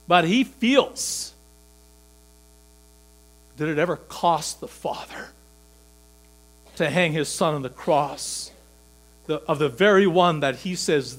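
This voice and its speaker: A man delivers a sermon to his congregation in a slightly high voice. He sinks into quiet, low stretches and then climbs to loud, emphatic peaks. A faint electrical hum sits under the recording. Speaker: pastor.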